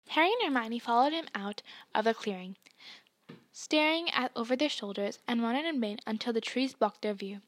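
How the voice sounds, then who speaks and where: A woman narrating a book chapter aloud in a hushed storytelling manner. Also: fairly high pitch, expressive, normal speed. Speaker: podcast reader. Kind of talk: audiobook narration.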